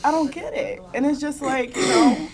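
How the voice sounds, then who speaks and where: A woman's voice: sits high, animated, normal speed. A young woman on a conference panel giving emotional personal testimony, earnest and close to tears, with rueful laughs. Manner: earnest and heartfelt, often near tears, with bursts of rueful laughter. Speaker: panelist sharing her own story. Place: conference panel in a meeting room.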